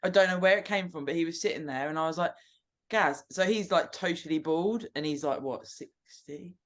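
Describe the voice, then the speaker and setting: A woman's voice: on the low side, fairly quick. Woman host, sweary, laughing a lot, casual group chat.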